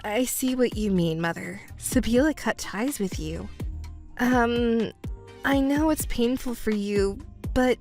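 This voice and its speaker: A woman's voice: on the high side, takes it slowly, faint music behind. A woman voicing a cool, firm young stepdaughter. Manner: calm, firm, cutting. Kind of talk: texting-story voice acting.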